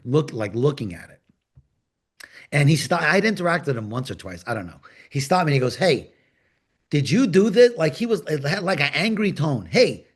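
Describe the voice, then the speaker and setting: A man from New York, talking in a panel discussion and telling workplace stories with lively, acted-out dialogue. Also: mid-range voice. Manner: animated storyteller, acts out quoted dialogue. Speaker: agile coach and panel host. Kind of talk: conversational panel talk.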